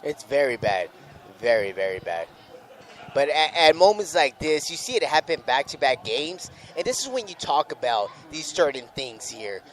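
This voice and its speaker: A man's voice: fairly high pitch, sing-song, moderate pace, a bit bright. A man co-hosting a live sports radio show, commenting on the game and repeating himself emphatically when upset.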